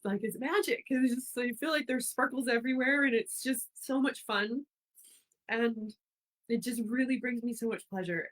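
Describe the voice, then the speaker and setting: A woman's voice: fairly high pitch, rough recording. Woman host, from Ontario, casual and effusive, rambling with plenty of fillers. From Ontario, Canada. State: getting emotional. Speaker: host of a speaker series. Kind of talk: casual live-stream monologue.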